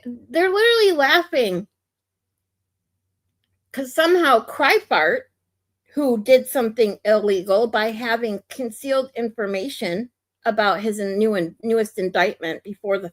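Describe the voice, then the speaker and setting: A woman streamer from the United States giving blunt, opinionated commentary in a casual ranting manner. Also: on the high side.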